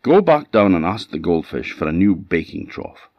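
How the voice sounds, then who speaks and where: A man's voice: sits low, sing-song, moderate pace, dry recording. A man with an Orkney accent voicing a furious, greedy old peasant wife who shrilly scolds her husband. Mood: scornful. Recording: dull lo-fi sound.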